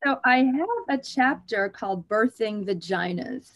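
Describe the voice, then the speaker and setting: A woman OB/GYN guesting on an interview show speaks in a measured, mid-range voice. Animated and frank, she jokes her way through a conversational discussion of her specialty.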